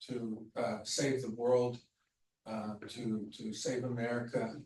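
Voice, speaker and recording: A man's voice: mid-range voice, a little mellow, slight background noise. A man giving a candid storytelling talk to an audience as a motivational speaker, heard over a video call. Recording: roomy, distant video call audio.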